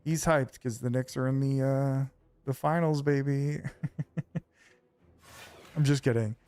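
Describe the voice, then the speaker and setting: A man's voice: medium pitch, takes it slowly, clear, resonant tone, no echo, soft background music. A man streaming a video game, chatting casually with his viewers in a loose, rambling way full of fillers. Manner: rambling, relaxed, lots of fillers.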